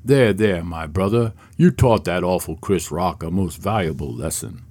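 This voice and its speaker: A man's voice: sits low, normal speed, darkish tone, breathy edge, no room sound. A man imitating a male actor who fusses over and soothes a friend. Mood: soothing. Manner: soothing, fussy. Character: fussing, consoling male actor.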